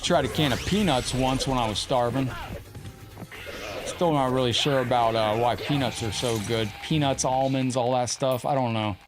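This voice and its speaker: Man, gaming streamer, casual live chat, mid-pitched voice, music in the background. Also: normal speed. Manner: chatty, talks to his cat and viewers.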